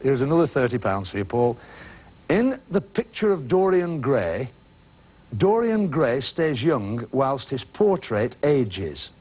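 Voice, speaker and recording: A man's voice: medium pitch, sing-song, slow, darkish tone, slightly rough. A man hosting a TV game show, teasing contestants with chummy banter in a studio before an audience. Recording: 1980s broadcast with studio audience and hiss.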